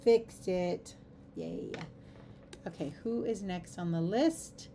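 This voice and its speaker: A middle-aged woman chats her way through a crafting livestream in a warm, mellow voice. She rambles easily from one aside to the next and giggles often. A faint hiss of noise sits behind her. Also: fairly low pitch, slow pace. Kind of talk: casual chat while crafting.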